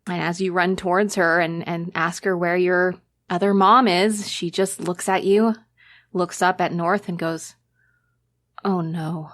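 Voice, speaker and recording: A woman game master narrating a tabletop horror game in an unhurried way, with fillers. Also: on the low side, flat delivery, a bit bright.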